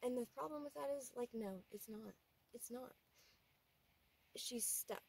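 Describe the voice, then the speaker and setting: A woman's voice: fairly high pitch, a little slow, vocal fry, slightly rough, poor audio. Earnest woman telling a personal story. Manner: earnest, rambling, often drops to a quiet voice. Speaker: vlogger.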